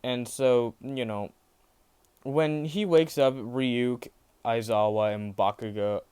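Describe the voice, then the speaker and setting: A man's voice: medium pitch, fairly even intonation, slow pace, mellow, clean tone. A man casually narrating a fan-made story, rambling, with many fillers and restarts.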